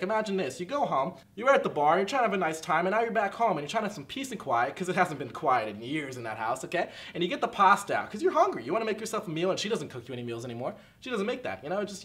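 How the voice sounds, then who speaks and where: A man playing a fast-talking infomercial pitchman whose rambling salesman patter, full of "okay?", keeps sliding into bitter rants about his marriage. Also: fairly bright tone. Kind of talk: comedic infomercial parody.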